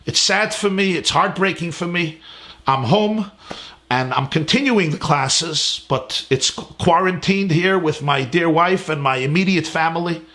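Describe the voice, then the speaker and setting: Earnest high-voiced rabbi teaching from home. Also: male voice, unhurried, bright, forceful tone. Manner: earnest, emphatic, lists words in rising cadence. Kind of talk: sermon-style class. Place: his home.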